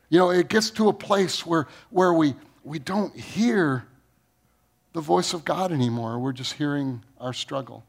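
A man preaching a sermon. He reads scripture aloud, asks the congregation questions, and swings from booming rises to low, quiet lines. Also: moderate pace, gravelly. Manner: preaching with sudden rises in pitch and volume, then dropping low. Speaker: pastor.

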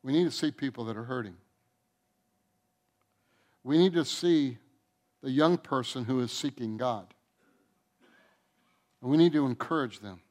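A man preaching a sermon to his church as its pastor, earnest, with restarts and soft, quiet endings to his phrases. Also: medium pitch, unhurried, pauses often. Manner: earnest, with repeated restarts and soft drops in volume. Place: church sanctuary.

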